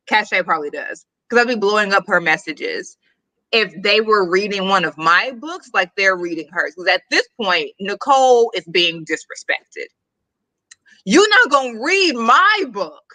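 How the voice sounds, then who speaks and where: A woman chatting casually as co-host of a reading stream, opinionated and animated, breaking into quick exclamations. Her voice is bright and forward, and it sounds dry and close with little room around it. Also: mid-range voice, no room sound, poor audio. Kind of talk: casual chat.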